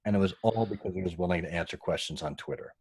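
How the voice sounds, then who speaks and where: A man telling a story as a podcast guest, animated and acting out the voices of the people he quotes. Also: low-pitched, quick pace, breathy edge, no room sound, clean studio sound. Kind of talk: conversational storytelling.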